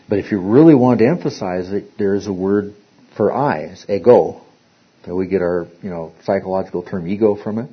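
Husky low-voiced Bible study teacher. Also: male voice. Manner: rambling, repeats words and restarts often. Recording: dull lo-fi recording.

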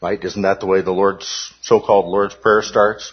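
A man's voice: fairly low pitch, fairly even intonation, measured pace, husky, highs cut off. A man teaching a Bible study class in a conversational way, often checking in with his listeners.

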